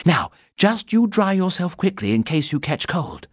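A man's voice: high-pitched, big pitch swings, moderate pace, slightly rough, no room sound, studio quality, voice pushed up, exaggerated voice. A man voicing a bossy, caring young girl in a storybook reading, urgent and scolding.

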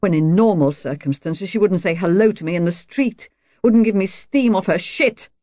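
Anxious battered wife in a storybook reading, hoarse and soft, as a woman reads her, mellow tone in a dull, dry recording. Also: mid-range voice, normal speed, no echo, lightly acted. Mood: bitter. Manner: quavering, bursts out shrilly.

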